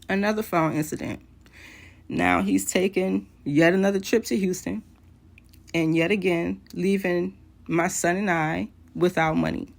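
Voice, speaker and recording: Gravelly low-voiced woman telling her story. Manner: candid, conversational, hesitant fillers. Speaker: vlogger. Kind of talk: personal storytelling to camera.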